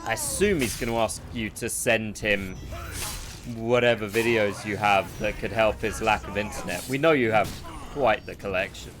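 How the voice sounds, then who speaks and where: A man's voice: lowish voice, moderate pace, over music. A man streaming a game, giving casual, sarcastic commentary and swearing freely as he plays.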